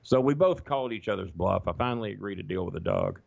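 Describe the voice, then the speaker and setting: A middle-aged man with a deep, gravelly voice guests on a podcast, talking fast and very animatedly as he rambles through profane anecdotes and acts out what others said. It's a casual storytelling chat, and the sound is dull, lo-fi and dry, with no room sound.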